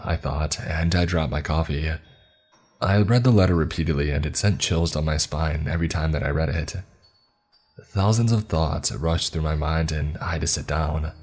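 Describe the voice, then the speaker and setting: A man with an extremely deep, husky voice narrates a scripted horror story. His delivery is low and dark, and faint music plays underneath. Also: moderate pace.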